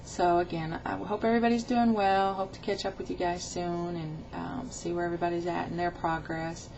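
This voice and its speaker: A woman's voice: fairly low pitch, level tone, brisk, vocal fry, darkish tone, dull audio, a little hiss or hum. A middle-aged woman recording a casual video diary about her weight loss, rambling and chatty as she tells a story with quoted dialogue.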